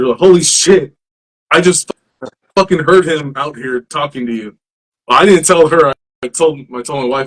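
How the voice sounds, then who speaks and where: A man hosting a podcast, casually telling stories in an animated, profane way. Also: fairly high pitch, normal speed, rough recording. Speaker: podcast host. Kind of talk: casual chat.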